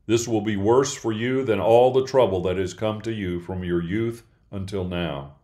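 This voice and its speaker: A man's voice: fairly low pitch, normal speed, mellow, close to an everyday voice. A man reading the lines of a stern army commander who rebukes his king bluntly. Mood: rebuking.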